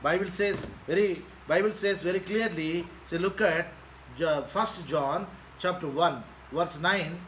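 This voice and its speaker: A man's voice: high-pitched, a little slow, fairly bright tone, a little hiss or hum, rough recording. A male pastor preaching a sermon, repeating phrases in an earnest, pleading way.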